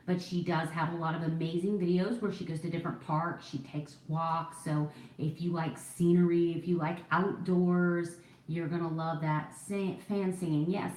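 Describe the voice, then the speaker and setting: A woman's voice: low-pitched, darkish tone. Chatty woman in her forties, roomy sound. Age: 40s. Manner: chatty, rambling, self-deprecating. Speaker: vlogger. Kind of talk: casual get-ready-with-me chat. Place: at home doing her makeup.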